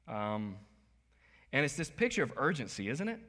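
Guy pastor preaching, bright edgy voice, goes quiet then suddenly loud, big reverby church sound. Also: medium pitch, moderate pace. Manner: animated preacher, sudden loud bursts and soft asides. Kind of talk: sermon. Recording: long hall reverb.

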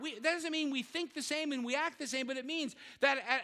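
An older man preaches with a very high, forceful, ringing voice. He talks to his church in a loose, chatty way, throws in joking asides and stumbles over repeated words. His voice carries a long reverb, as if it rings through a church hall. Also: a little fast, few pauses. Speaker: pastor. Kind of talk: sermon.

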